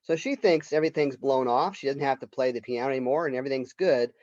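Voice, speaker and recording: A man's voice: mid-range voice, quick pace, a little mellow, dry recording. Man lecturing on literature, lo-fi sound. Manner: conversational storytelling, retelling the plot. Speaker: literature professor. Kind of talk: college lecture. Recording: dull lo-fi lecture recording.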